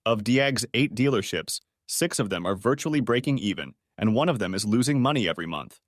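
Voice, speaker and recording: A man's voice: lowish voice, expressive, brisk, no room sound, studio quality, lightly acted. Man doing a roaring, furious father. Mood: grim. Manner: roaring and demanding. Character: furious, domineering middle-aged father.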